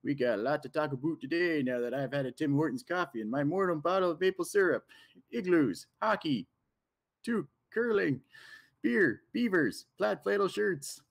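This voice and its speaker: A man's voice: fairly high pitch, animated, normal speed, vocal fry, pitched above the performer's own voice. Man doing a hammy Canadian stereotype, exaggerated Canadian accent, jolly, raised voice. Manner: hammy, mock-patriotic.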